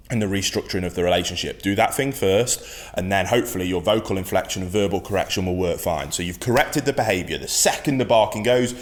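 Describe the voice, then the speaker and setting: A man teaching dog training, speaking in a firm, emphatic way and repeating his key phrases. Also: lowish voice. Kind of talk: instructional talk to camera.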